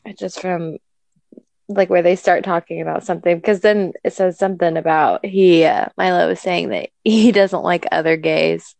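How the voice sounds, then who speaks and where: A woman's voice: fairly low pitch, moderate pace, vocal fry, darkish tone, no echo. A woman co-hosting a casual podcast, rambling, laughing often and swearing freely. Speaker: podcast co-host.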